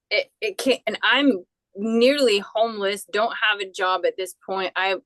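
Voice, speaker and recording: A woman guest telling her life story in an animated way, with frequent restarts and quoted voices acted out. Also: mid-range voice, dry recording, low-quality recording. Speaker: interview guest. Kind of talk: personal storytelling.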